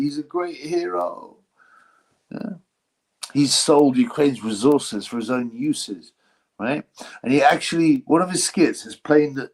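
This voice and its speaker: A man hosting a casual livestream, talking in a rambling, mocking and jokey way. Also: medium pitch. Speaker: livestream host.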